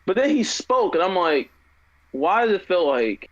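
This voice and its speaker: A man co-hosting a casual podcast chat, animated and swearing often, with stumbling restarts. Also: high voice, moderate pace, dull audio. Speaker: podcast co-host.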